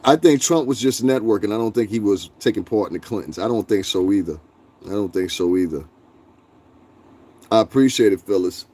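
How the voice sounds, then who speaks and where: A man's voice: lowish voice, a little fast. A man hosting a livestream, ranting bluntly and profanely and answering his chat. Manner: profane, blunt, animated, talks back to chat. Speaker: livestream host.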